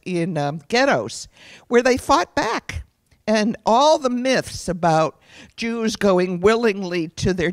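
A middle-aged woman from the United States, a guest speaker giving an earnest, reflective personal testimony at a lecture, pausing to correct herself as she goes. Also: fairly low pitch, no echo.

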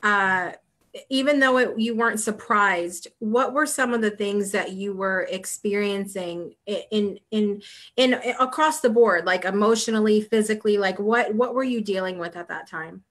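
A woman hosts an interview in a chatty, friendly way. She laughs easily and asks long, halting questions full of fillers. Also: mid-range voice, fairly bright tone. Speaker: host.

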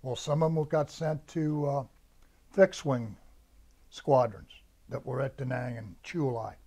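A man's voice: medium pitch, fairly even intonation, a little slow, creaky, dark tone. Older man telling war stories. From United States. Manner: storytelling, acts out the sergeants' orders. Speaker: veteran interviewee. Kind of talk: oral history recollection.

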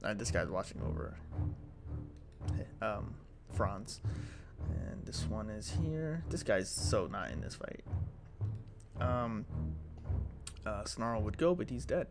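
Slow-talking man running a tabletop game. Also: medium pitch, animated. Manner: unhurried, casual and profane, with many ums. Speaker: dungeon master. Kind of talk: narrating a tabletop game on a live stream. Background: background music.

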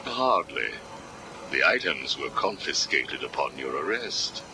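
Game villain psychiatrist: very low, slow, coldly menacing, lively inflection, music bed. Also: male voice, background noise, exaggerated voice. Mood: menacing calm. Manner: slow, measured, coolly menacing interrogation. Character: cold calculating male villain psychiatrist, middle-aged. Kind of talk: video game cutscene acting. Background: background music.

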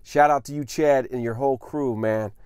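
A man's voice: mid-range voice, steady tone, moderate pace, darkish tone, clean tone, no room sound, clean studio sound. A man hosting a casual unboxing vlog, effusive and enthusiastic, who keeps saying "man" as he shows off a new record. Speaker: vinyl unboxing vlogger.

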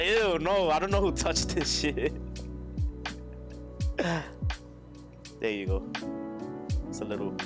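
Joking streamer man over music. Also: fairly high pitch. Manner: crude, joking, laughs often, talks to chat. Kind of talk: casual live-stream chat while building a model kit. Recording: music playing underneath.

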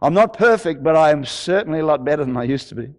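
Older man, pastor, impassioned church sermon, fairly high voice, repetitive, stammers a little. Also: lively intonation, fast. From Australia. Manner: impassioned, repeats words for emphasis, stammers.

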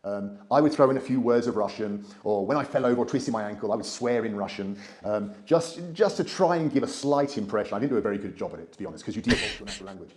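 Brief: British man, interview guest, quick, hesitant, lots of ums. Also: on the low side, expressive, darkish tone. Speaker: travel vlogger interviewed. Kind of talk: conversational interview answers.

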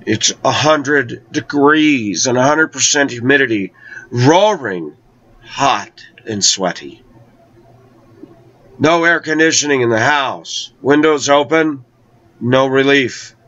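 A man telling a personal travel story in a conversational way, slowing down to draw out key words. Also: mid-range voice, fairly bright tone, dry recording. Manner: conversational, with slow, drawn-out emphasis. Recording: dull lo-fi recording.

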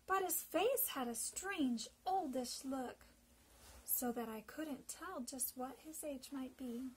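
A woman who teaches Sabbath School reads a story to children in a gentle, deliberate way with dramatic emphasis. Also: sits high, a little hiss or hum, low-quality recording.

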